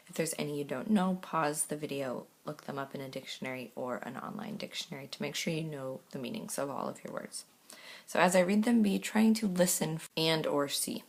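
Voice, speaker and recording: A woman teacher giving a recorded lesson, reading words clearly one by one and explaining steps patiently. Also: low voice. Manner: slow, clear word-by-word reading; patient step-by-step instruction.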